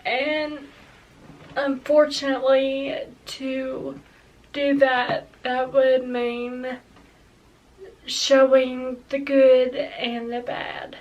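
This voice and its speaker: A woman's voice: high-pitched, level tone, extremely slow, distant mic, highs cut off. A young woman in her early twenties talking hesitantly and emotionally in a personal confessional vlog. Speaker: vlogger.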